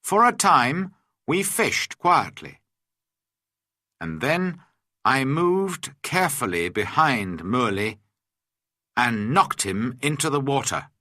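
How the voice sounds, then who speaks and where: Guy reading a story slow for english learners, bright voice, dead dry sound, very expressive. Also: mid-range voice, no room sound. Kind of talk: scripted narration of a graded story for learners.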